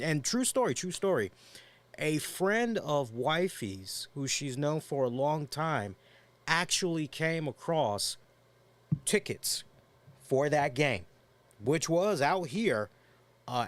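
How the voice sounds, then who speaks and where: A male podcast host talks in an easygoing, rambling way, full of fillers and restarts. His pitch sits in the middle range for a man. He is nursing a headache but keeps the chat going. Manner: rambling storyteller with frequent fillers and laughs. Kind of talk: casual chat.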